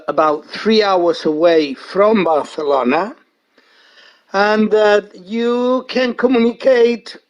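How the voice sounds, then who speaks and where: Slow-talking man leaving a message. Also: high-pitched, dull audio. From Spain. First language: Spanish. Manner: chatty storyteller with frequent hesitations. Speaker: guest speaker. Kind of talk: casual recorded voice message.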